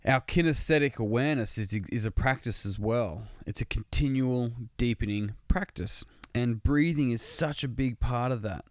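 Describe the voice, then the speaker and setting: Man with a smooth, resonant voice; earnest, laid-back talk with some swearing, recorded dry. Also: medium pitch, normal speed, hardly any pauses, dry recording. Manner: earnest, casual, swears freely. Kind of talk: casual motivational monologue.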